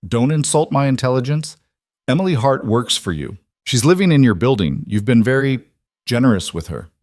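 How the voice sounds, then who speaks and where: A man voicing a cold, educated male crime boss who makes calm, veiled threats in a smooth voice. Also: mid-range voice, normal speed, dry recording, clean studio sound, pitched above the performer's own voice, close to an everyday voice.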